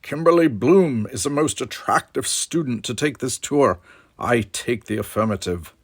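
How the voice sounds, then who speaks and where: A man voicing an earnest young man with a lifted, crisp way of speaking. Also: mid-range voice, animated, moderate pace, no echo. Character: earnest young man, eager cadet hopeful.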